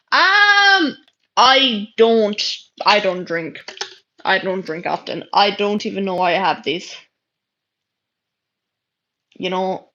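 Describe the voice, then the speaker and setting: Her voice fairly high, pushed and bright, a young Irish woman casually chats on a stream, picking out comments to answer. Her replies are blunt, sarcastic and full of swearing, and the audio is dull lo-fi.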